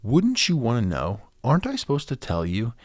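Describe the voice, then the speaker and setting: A man's voice: mid-range voice, wildly swooping pitch, moderate pace, dry recording, clean studio sound. A man hosting his own podcast, rambling through a casual solo rant with lots of stammered restarts and imitated voices. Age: adult father. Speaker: podcast host.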